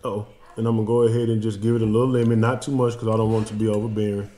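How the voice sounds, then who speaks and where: A man's voice: lowish voice, little pitch movement, very fast, mellow. A man hosting a fishing channel, tasting food on a casual vlog in a home kitchen. He talks in a folksy, emotional way and keeps calling his viewers y'all. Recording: roomy indoor sound with faint background noise.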